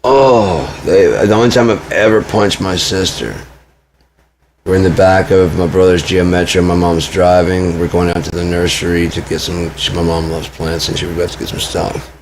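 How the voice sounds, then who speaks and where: Deep-voiced man venting raw and profane. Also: steady tone, moderate pace, a little hiss or hum. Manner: raw, agitated, profane storytelling with frequent restarts. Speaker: vlogger. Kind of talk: emotional personal monologue.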